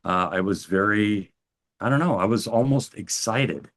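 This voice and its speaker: An older American man, an interview guest, telling his personal story calmly, often stopping and restarting his sentences. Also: lowish voice. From United States. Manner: calm, halting, with frequent restarts.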